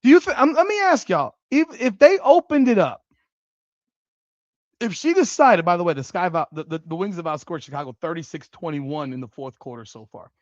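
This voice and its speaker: Excitable high-voiced man reacting live. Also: fairly quick, no echo, muffled recording. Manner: excitable, exclaims and curses at plays; repeats rhetorical questions to chat. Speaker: livestream host. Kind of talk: live game reaction commentary.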